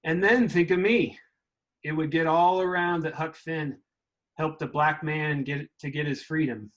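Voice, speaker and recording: A man's voice: a little high, steady tone, measured pace, highs cut off, lightly acted. A man reading as Huckleberry Finn, mid-Southern drawl. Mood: troubled. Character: young Southern boy wrestling with his conscience. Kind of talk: reading a novel aloud.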